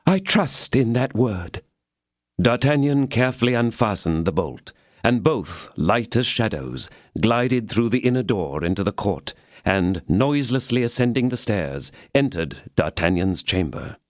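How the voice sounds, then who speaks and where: Expressive male audiobook narrator, dry sound. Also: fairly low pitch, no room sound. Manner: measured, expressive reading of classic prose. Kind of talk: scripted narration.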